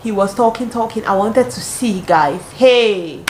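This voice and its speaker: A young woman with a Cameroonian English accent, telling dating stories casually in an animated, dramatic way with exclamations. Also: mid-range voice, unhurried, a little hiss or hum. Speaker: vlogger. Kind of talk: casual storytelling. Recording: roomy echo, faint ambience.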